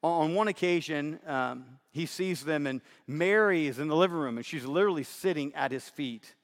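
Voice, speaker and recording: A man's voice: fairly high pitch, normal speed, in a large hall. A man preaching in a conversational, emphatic sermon style, often repeating himself.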